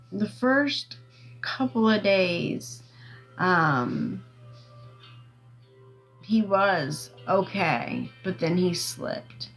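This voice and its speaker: A woman's voice: lowish voice, fairly bright tone, low-quality recording. A woman chatting casually on a livestream, rambling through a personal story and asking viewers for gifts. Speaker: TikTok live streamer.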